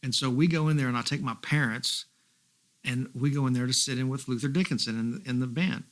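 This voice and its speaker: A man's voice: medium pitch, brisk. A middle-aged man, a guest musician, casually telling rambling anecdotes and quoting others along the way. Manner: relaxed rambling anecdotes, quotes others, swears. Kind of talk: casual storytelling.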